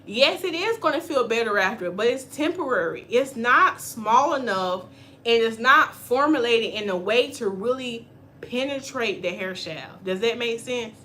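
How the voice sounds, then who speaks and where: Bright-voiced, animated woman hair stylist. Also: on the high side, moderate pace. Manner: animated and chatty, acts out quoted voices. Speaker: natural hair stylist and channel host. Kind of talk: casual spoken hair-care class.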